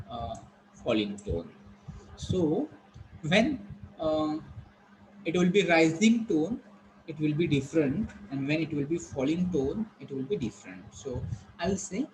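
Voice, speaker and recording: A man teaching a class, explaining slowly and repeating himself with frequent pauses. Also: a little high, slight background noise, rough recording. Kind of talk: online classroom lecture.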